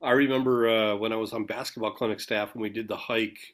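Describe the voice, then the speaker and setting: A man's voice: on the low side, fairly even intonation, fast talker. A man hosting a podcast, prompting his guest and laughing along in casual conversation. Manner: friendly prompting, laughs often. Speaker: podcast host. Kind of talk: casual interview chat.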